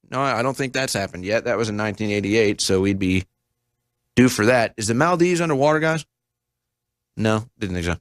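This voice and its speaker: A man in his thirties hosts a political talk show, his pitch swinging widely as he mocks and jokes. His tone is sarcastic and animated, and the sound is dry and close. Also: a little fast, clear, resonant tone, no room sound, faint music behind. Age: 30s. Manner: sarcastic, mocking, animated mimicry. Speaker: show host.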